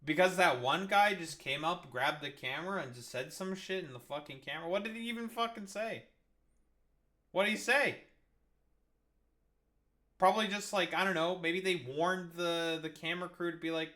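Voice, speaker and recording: A man ranting through political reaction commentary, swearing constantly and dripping with sarcasm. His voice sits high and sounds bright and edgy. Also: animated, normal speed, long pauses. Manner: profane, sarcastic, heated.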